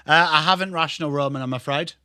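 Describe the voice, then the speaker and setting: Male stream host, slightly high, bright, dry close sound; chatty, calls the play in bursts while reading chat. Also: quick pace, smooth, no room sound. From Australia. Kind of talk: casual live watchalong commentary.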